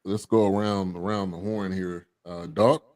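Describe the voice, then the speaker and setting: Laid-back low-voiced man hosting. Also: unhurried, no room sound. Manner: relaxed, laughs often, loose fillers. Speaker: host. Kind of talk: casual podcast chat.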